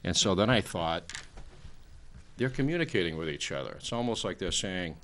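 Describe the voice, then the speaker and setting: A man's voice: low-pitched, animated, moderate pace, fairly bright tone, a little hiss or hum. A man in his sixties, a talk show guest, lecturing at length in a rambling way with many fillers. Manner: frequent fillers, trailing off.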